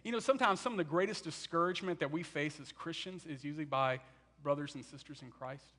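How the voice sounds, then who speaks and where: A man preaching a sermon, telling the story in an animated way and acting out what people say. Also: on the high side, quick pace.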